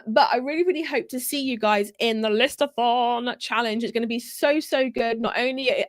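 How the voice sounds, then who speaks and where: A woman hosting a casual live Q&A, her voice a touch high and hoarse. She talks in a chatty, friendly flow and doubles up words for emphasis. The sound is dry and close. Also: a bit bright, no room sound. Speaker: live-stream host for handmade sellers.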